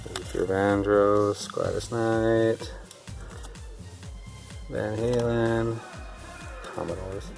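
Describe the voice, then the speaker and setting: A man's voice: fairly low pitch, fairly even intonation, very slow, creaky, long pauses, poor audio. Joking, cursing storage-unit hunter man. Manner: joking, swears freely, thinks aloud. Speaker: storage unit buyer and vlog host. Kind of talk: casual unboxing commentary. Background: background music.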